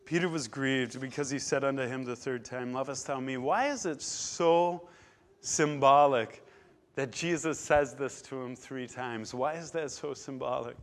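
A man preaching a sermon, emphatic, swinging between loud stressed words and quiet, low drops. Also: steady tone, normal speed, few pauses.

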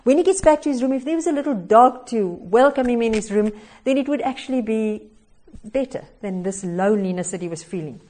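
Woman preacher with a slightly high voice, dramatic and expressive while retelling a story in a sermon. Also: brisk.

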